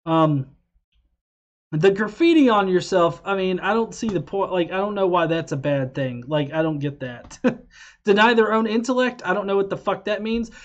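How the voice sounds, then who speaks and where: A man's voice: high voice, lively intonation, moderate pace, muffled recording. Rambling, profane male livestream host. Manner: rambling, profane, frequent fillers and restarts. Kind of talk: casual livestream chat.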